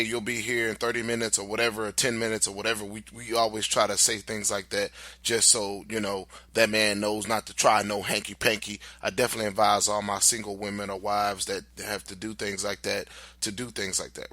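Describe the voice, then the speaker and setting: Bright, dry-voiced man musing on marriage. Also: lowish voice, no echo. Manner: conversational, repeats "right?", restarts words. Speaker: podcast host and relationship coach. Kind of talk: casual podcast monologue.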